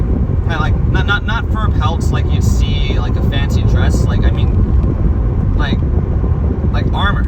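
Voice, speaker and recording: A man casually telling a dream, rambling and filling his talk with like and right?. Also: a little high. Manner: rambling, full of likes and right?s. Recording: distant mic, loud background noise.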